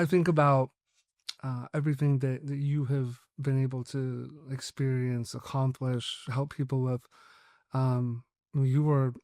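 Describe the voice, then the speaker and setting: A man's voice: medium pitch, dark tone, no room sound, studio quality. A man hosting a podcast, talking casually and loosely with lots of filler words. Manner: loose, full of fillers like "like" and "you know". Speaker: podcast host. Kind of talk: casual interview talk.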